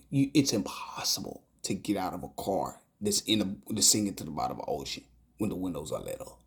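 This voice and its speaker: A man giving an emotional personal testimony about a dream. He talks haltingly, repeats phrases, stumbles over his words and sometimes drops to a hushed whisper. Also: deep voice, lively intonation.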